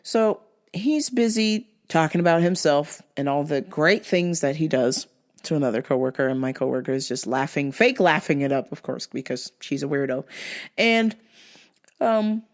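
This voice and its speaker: A young adult woman hosting a vlog, telling a story in a blunt, profane, animated way. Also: low-pitched, normal speed. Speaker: vlog host. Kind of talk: casual storytelling monologue.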